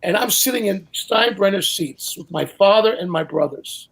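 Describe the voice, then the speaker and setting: An older man telling casual anecdotes as a guest, animated and acting out the people he quotes. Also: sits high, moderate pace, husky. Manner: animated storyteller who acts out quotes. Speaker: guest storyteller.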